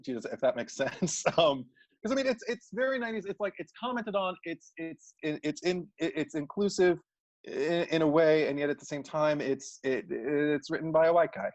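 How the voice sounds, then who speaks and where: A man co-hosting a casual movie discussion, thoughtful and analytical, often restarting his sentences. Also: fairly high pitch. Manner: thoughtful, analytical, self-correcting. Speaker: podcast co-host.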